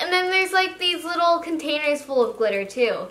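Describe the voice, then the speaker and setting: Young woman, high bouncy voice, gushing unboxing chatter, echoey room. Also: big pitch swings, moderate pace, bright, forceful tone. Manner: gushing, gasping, many "like" fillers. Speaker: slime YouTuber host. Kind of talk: excited unboxing vlog. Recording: echoey room with faint noise.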